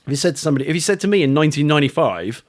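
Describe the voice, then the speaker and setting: A middle-aged man with a British accent, a guest talking in a casual interview, rambling and animated, with lots of fillers and the odd swear word. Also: a little high, very fast. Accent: British English. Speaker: guest author.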